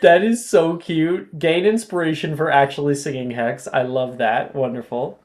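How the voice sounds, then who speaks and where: A game master running a tabletop role-playing game, unhurried and playful, reacting with delight to the players. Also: medium pitch, steady tone, a little mellow.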